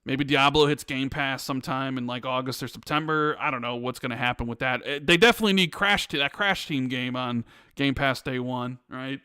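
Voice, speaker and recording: A man hosting a casual gaming podcast, talking in an animated, ranting way with frequent restarts. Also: mid-range voice, fairly quick, clean tone, dry recording, clean studio sound. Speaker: podcast host.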